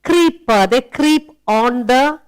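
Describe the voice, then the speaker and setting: Slow, smooth-voiced woman teaching children. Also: sits high, lively intonation, rough recording. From India. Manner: slow, coaxing, asks questions and praises. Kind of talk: children's phonics lesson.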